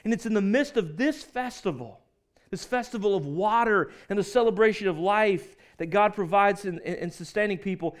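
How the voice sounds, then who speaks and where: A male pastor preaching a sermon in a conversational storytelling manner, often correcting himself mid-sentence. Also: sits high.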